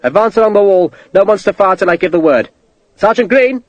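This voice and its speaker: A hard-driving army officer barking orders across a battlefield, his voice leaping high and low with urgency, as a male narrator puts him on. The sound is dry and close, with no room around it. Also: expressive, a little fast, no room sound, muffled recording. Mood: commanding. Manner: barked military orders. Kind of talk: audiobook character voice.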